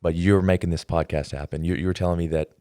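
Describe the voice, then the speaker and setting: Man, podcast host, very low voice, thoughtful and hesitant, dry sound. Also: steady tone, quick pace, dark tone, dry recording. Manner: reflective, hesitant, with fillers and restarts. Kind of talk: casual interview talk.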